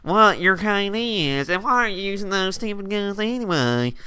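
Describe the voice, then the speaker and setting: A man's voice: high-pitched, animated, normal speed, pushed and bright, smooth. A man mimicking a know-it-all young male gamer friend with a drawling Southern US accent, nagging and lecturing.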